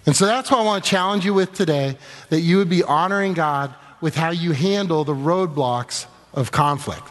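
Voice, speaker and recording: Animated male pastor in an echoing hall. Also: fairly high pitch, normal speed. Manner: animated, acts out dialogue in quoted voices. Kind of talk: sermon with humorous personal storytelling. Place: church sanctuary before a congregation. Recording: long echoing reverb of a large hall.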